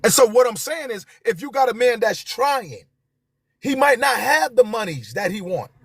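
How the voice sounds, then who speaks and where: Passionate high-voiced man preaching on a live stream. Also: big pitch swings, normal speed, slightly rough, no echo. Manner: passionate, emphatic, repeats key phrases.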